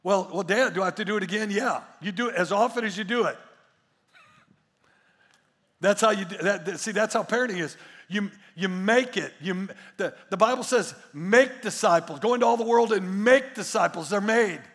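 A man preaching a sermon as pastor, emphatic and repetitive, swinging between hushed asides and loud declarations. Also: sits high, moderate pace, big-room sound.

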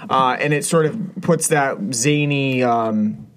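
A man's voice: mid-range voice, slow pace, fairly bright tone, clean tone. A man co-hosting a casual film review chat, rambling with many fillers and restarts. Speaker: podcast co-host reviewing a film.

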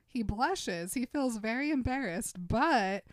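A woman's voice: fairly high pitch, animated, takes it slowly, no room sound, studio quality. A woman co-hosting a podcast, retelling a story with animation and acting out the characters' lines. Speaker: podcast co-host. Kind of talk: casual book-club chat.

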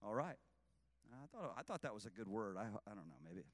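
A man preaching a sermon with passion, swinging between shouting and hushed asides. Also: on the low side, big pitch swings, a little fast, big-room sound.

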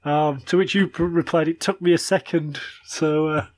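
A man's voice: fairly high pitch, fairly even intonation, moderate pace, no room sound. A British man in his thirties co-hosting a podcast, chatting casually with blunt, crude humour. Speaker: podcast co-host. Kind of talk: casual chat.

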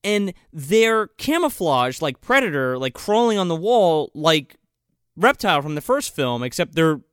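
Animated, expressive man. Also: on the high side, unhurried, smooth, no echo, clean studio sound. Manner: animated, swearing, acts out characters mid-story. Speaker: podcast co-host. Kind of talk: casual movie-recap chat.

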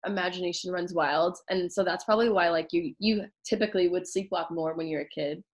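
A young woman in relaxed conversation tells her stories with animation. She slips into acted, panicky quotes as she goes. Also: lowish voice, a little fast. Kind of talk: casual chat.

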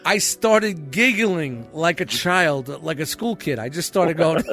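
A man's voice: on the high side, slow, faint music behind. A man telling a story in a casual podcast chat, swearing freely and often breaking into laughter. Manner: profane, animated, laughs often mid-story.

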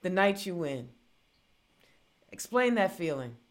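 A woman host interviewing a guest, asking questions in an expressive, enthusiastic way. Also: fairly low pitch, slow. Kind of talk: conversational interview.

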